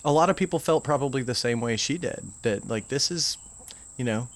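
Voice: mid-range voice, lively intonation, brisk. An interviewer in casual conversation who prompts the guest and drops in short acknowledgments. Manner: encouraging, frequent short acknowledgments.

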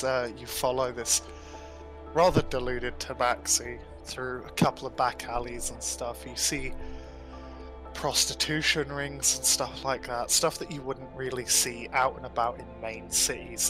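A man's voice: medium pitch, level tone, a little slow. A man narrating a tabletop game as game master in a loose, descriptive way, with frequent ums. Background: faint music.

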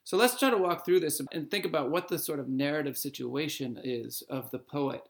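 Gravelly-voiced professor explaining poetry. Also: male voice, on the high side, fairly quick. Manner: explanatory, thinks aloud with fillers. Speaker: podcast co-host, English professor. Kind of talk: conversational literary discussion.

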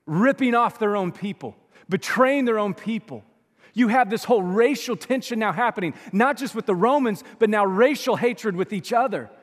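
A man with a high voice preaches a sermon in a church, his words trailing off into a long hall reverb. He talks in a chatty, animated way and jumps between loud, punchy bursts and soft, quiet asides. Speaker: pastor. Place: church sanctuary.

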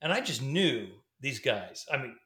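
A man's voice: mid-range voice, big pitch swings, unhurried, pushed and bright. Middle-aged man telling stories in a roomy echo. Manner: rambling, fillers and restarts, laughs between sentences. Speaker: guest, former pastor. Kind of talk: casual storytelling.

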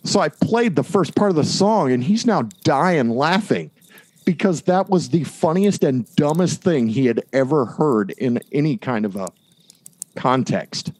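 A man's voice: fairly high pitch, animated, a little slow, darkish tone, dry recording. A man in casual chat, telling a long story and acting out the quoted lines.

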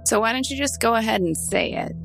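A woman's voice: on the high side, expressive, fast talker, creaky, fairly bright tone, faint music behind. A woman playing a tabletop game, speaking casually and sounding tough when in character. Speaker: player.

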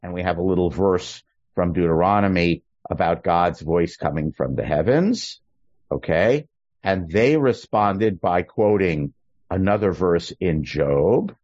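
Animated man teaching a text class. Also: sits low, measured pace, no echo, lo-fi sound. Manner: animated, questioning, checks in with "okay?" and "right?". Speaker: teacher leading a study class.

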